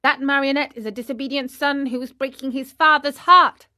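A woman's voice: sits high, steady tone, brisk, pushed and bright, voice pushed up. A woman voicing a stern, wise male cricket who scolds sharply.

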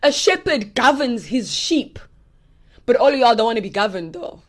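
A young woman with a slightly high voice gives a casual Bible teaching online. She speaks in a direct, animated way, addressing her listeners as y'all and pressing her points home. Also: moderate pace.

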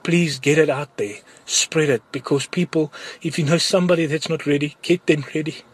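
A man's voice: a little high, fairly even intonation, moderate pace, husky. A man with a South African accent giving an earnest, urgent testimony about a vision, often repeating words for emphasis. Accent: South African English.

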